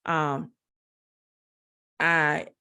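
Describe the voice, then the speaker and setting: A woman with a Southern US accent answering interview questions in a direct, confident way, talking slowly with many fillers. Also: low voice, flat delivery, gravelly, pushed and bright, smooth. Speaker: guest, network marketer.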